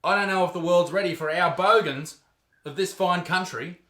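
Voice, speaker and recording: A man with an Australian accent ranting crudely and excitably as a comedian host reacting to clips, swearing often. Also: sits high, moderate pace, reverberant.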